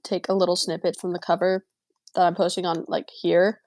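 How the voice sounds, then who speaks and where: A woman's voice: lowish voice, little pitch movement, brisk, darkish tone, dry recording. A young woman joining a friend's livestream as a guest, chatting casually with lots of fillers. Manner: chatty, filler-heavy and giggly. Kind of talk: casual chat.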